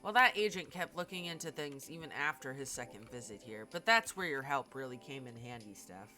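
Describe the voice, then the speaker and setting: A woman's voice: very deep voice, animated, a little fast, pushed and bright, faint music behind, pitched below the performer's own voice, exaggerated voice. A woman reading a game aloud, voicing a formal alien being who speaks as a collective "we", in a stiff, precise manner.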